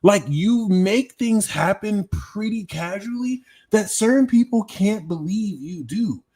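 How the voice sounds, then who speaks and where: A man's voice: high voice, animated, takes it slowly, darkish tone. A young man doing a live-stream tarot reading, talking casually with lots of swearing and slang while answering his chat. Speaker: tarot reader.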